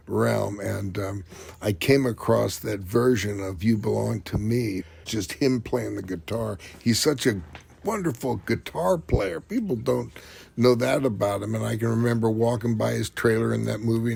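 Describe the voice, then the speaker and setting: A man casually recounting a film shoot, relaxed and rambling, with drawn-out pauses. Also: lowish voice, creaky, slightly rough. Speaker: actor recalling a film shoot. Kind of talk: casual anecdote.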